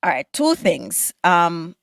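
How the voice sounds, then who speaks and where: A woman's voice: fairly low pitch, very animated, takes it slowly, creaky, dry recording, clean studio sound. A woman hosting a podcast, speaking in a thoughtful, somewhat hesitant way in casual conversation. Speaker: podcast host.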